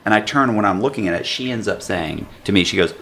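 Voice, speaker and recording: A man's voice: sits low, animated, fast, gravelly, a bit bright, slight background noise. A middle-aged man, a podcast guest, telling a story in casual chat, acting out quotes and laughing often.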